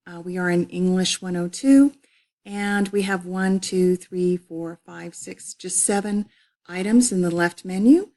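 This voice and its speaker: A middle-aged woman teaches an online college English course with a lowish voice. She explains patiently, repeats key words, and often pauses on a filler as she moves through the course page. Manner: warm repetitive explanatory, frequent uh fillers. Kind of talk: recorded online course walkthrough.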